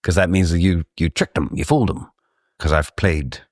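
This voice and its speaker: A man from Texas co-hosting a podcast, telling rambling, animated stories in casual chat. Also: low-pitched, moderate pace, no room sound, studio quality. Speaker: podcast co-host.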